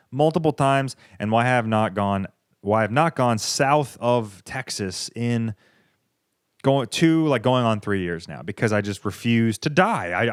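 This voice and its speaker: Young US guy, solo podcast host; smooth, clear mid voice, dry close mic; rambling, sweary, sarcastic. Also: medium pitch, dry recording. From United States. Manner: rambling, profane, sarcastic, with frequent tangents. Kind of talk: casual solo podcast monologue.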